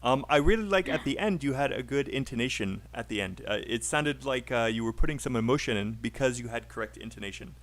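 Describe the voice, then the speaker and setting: A man's voice: medium pitch, lively intonation, fast talker, few pauses. A man teaching a live online English speaking class, encouraging and laughing often.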